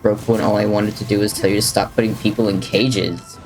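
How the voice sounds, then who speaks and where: A man's voice: fairly low pitch, little pitch movement, fairly quick, darkish tone. Chatty male streamer with faint game music. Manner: chatty, jokey, drifts between talking to chat and to the game. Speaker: livestreamer. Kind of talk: casual gameplay commentary, reading chat.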